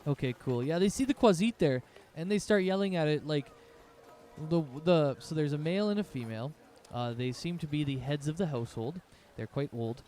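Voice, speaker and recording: A man narrating as game master of a tabletop game, relaxed and loose, with restarts. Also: a little high, fairly quick, a little hiss or hum.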